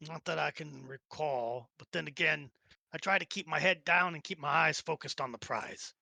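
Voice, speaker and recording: A sly fox-girl thief, voiced by a woman in a tabletop role-play stream, scheming and cheeky with a put-on Brooklyn accent. Her voice is bright and forceful, recorded dry and close on a stream mic. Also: sits low, moderate pace, gravelly, dry recording, voice pushed down, exaggerated voice. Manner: deadpan, wheedling, cheeky.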